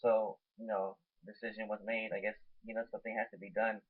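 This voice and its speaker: Low husky guy rambling thru a tv review on his webcam, lots of um and you know, tinny phone-ish sound. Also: flat delivery, fairly quick. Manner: rambling, many fillers and repeats. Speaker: TV episode reviewer.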